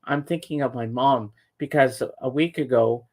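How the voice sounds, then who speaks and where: A regular on the show, this man speaks in a mid-range, somewhat dark voice at an ordinary pace. He rambles through a long personal story in a casual podcast chat, often restarting and repeating words while acting out what people said in quotes.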